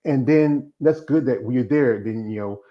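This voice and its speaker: A man's voice: mid-range voice, moderate pace, highs cut off. Guy hosting a chatty interview, rambles, throws in little voices. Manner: rambling, acts out quoted voices. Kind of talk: casual interview chat.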